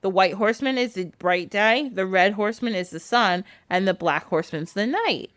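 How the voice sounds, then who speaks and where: A woman's voice: mid-range voice, animated, moderate pace, a bit bright, dry recording, close to an everyday voice. A woman voicing an old, threatening, suspicious witch in a casual folktale retelling. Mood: grand.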